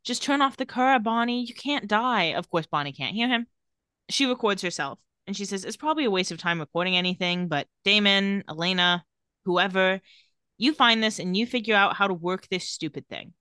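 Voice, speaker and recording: A woman's voice: medium pitch, brisk, bright, forceful tone, clean tone, no echo, studio quality. A woman co-hosting a podcast, casually recapping a TV episode scene by scene and quoting the characters. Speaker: podcast co-host.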